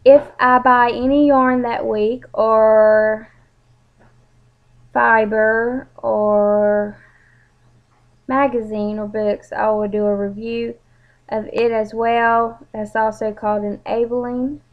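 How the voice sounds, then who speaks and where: A woman's voice: fairly high pitch, flat delivery, slow. A young woman, chatting casually and a bit rambling as she introduces her channel. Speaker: vlogger. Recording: dull lo-fi home recording.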